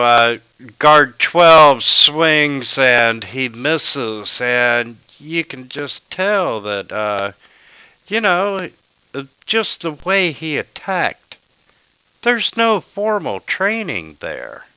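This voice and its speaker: A man running a tabletop game who talks very slowly and in a measured way. His voice is bright and very clear, recorded dry and close. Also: mid-range voice, animated, no echo. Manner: slow, halting narration of combat rolls. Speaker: game master.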